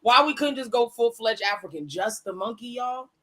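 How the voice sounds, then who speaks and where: A woman guest on a podcast, talking in a blunt, animated way with heavy swearing. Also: fairly high pitch, normal speed. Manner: animated, blunt, heavily profane ranting. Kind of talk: casual podcast chat.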